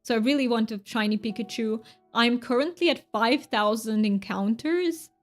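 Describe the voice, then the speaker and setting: Chatty streamer woman, fairly high voice. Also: moderate pace, soft background music. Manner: chatty, rambling, self-correcting. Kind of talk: casual live-stream chat with viewers.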